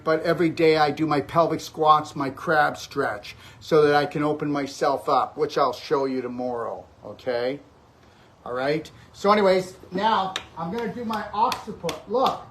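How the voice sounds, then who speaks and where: A man leads a hands-on self-care lesson in a somewhat high voice. He talks emphatically and checks in constantly with the listener. He is clapping on his own neck and shoulders as he explains. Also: slight background noise. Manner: emphatic, frequent "okay?" check-ins; physically clapping his own neck and back while talking. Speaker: health coach demonstrating self-treatment. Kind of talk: instructional demonstration.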